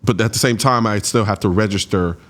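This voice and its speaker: A man hosting an interview, asking animated, incredulous questions with frequent restarts. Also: on the low side, fairly quick. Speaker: host.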